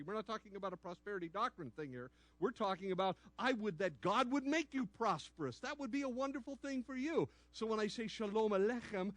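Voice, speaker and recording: A man with a high voice preaches to his church, lively and playful, pausing to quiz the listeners and lead them in responses. The sound is close and dry, with almost no room echo. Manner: animated, playful, asks the audience questions. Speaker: pastor and law enforcement chaplain. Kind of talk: sermon with call-and-response teaching. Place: church sanctuary.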